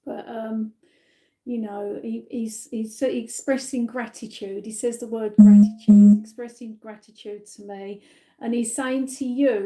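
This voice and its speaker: A woman from the UK giving a live-stream psychic reading, gentle and reassuring, with many fillers and tag questions, a little tired. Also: a little high, steady tone, a little slow. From United Kingdom. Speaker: psychic medium.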